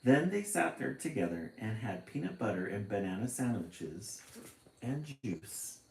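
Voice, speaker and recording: Man, storybook read-aloud, low voice, lively pitch, slow, expressive, chatty asides, roomy echo. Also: creaky. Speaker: storytime reader.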